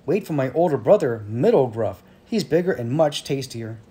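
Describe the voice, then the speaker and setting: A man voicing the littlest billy goat in a storybook, squeaky and pleading. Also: animated, normal speed, mellow, lightly acted.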